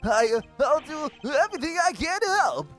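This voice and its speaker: A man voicing an eager, jittery young male assistant in a bright, cartoonish tone. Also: very high voice, big pitch swings, normal speed, faint music behind, voice pushed up, heavily acted. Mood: excited.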